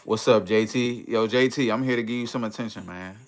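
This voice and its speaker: A man hosting a casual livestream in a relaxed, easygoing way, reading viewer comments aloud and greeting them. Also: on the low side, fairly quick, soft background music. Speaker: livestream host.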